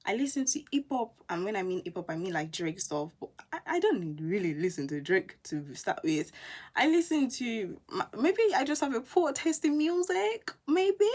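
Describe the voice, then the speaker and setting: A young woman, a university student telling stories in a casual vlog, animated and full of quoted asides. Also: on the high side, normal speed. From England. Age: young adult.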